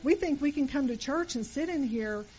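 A woman's voice: sits high, lively intonation, normal speed, darkish tone, muffled recording, slight background noise. A middle-aged woman preaching a sermon in church, telling stories in a conversational way and making earnest appeals to the congregation. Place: church sanctuary.

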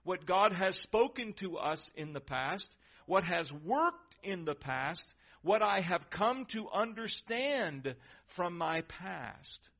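A high-pitched man preaches an emphatic sermon in a church, putting questions to the congregation. He swings between loud, urgent lines and soft, hushed ones. The sound is dull and lo-fi. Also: sing-song, takes it slowly. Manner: emphatic, varies volume, asks the crowd questions.

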